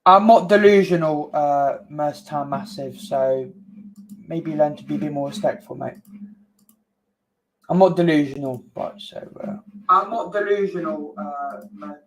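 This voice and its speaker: Man, high voice, defensive, repetitive, heated livestream chat. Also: a little slow. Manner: defensive, keeps repeating "calm down". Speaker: stream co-host.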